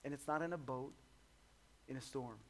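A man preaching a sermon in a conversational, humorous way, swinging between soft low asides and loud high exclamations. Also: steady tone, normal speed. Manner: conversational and humorous, acts out voices of the disciples. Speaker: pastor.

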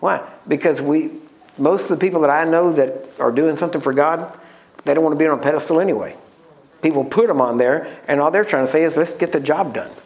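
Man, preacher, fairly high voice, emphatic sermon, slows for emphasis, questions to congregation, church. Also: darkish tone, highs cut off.

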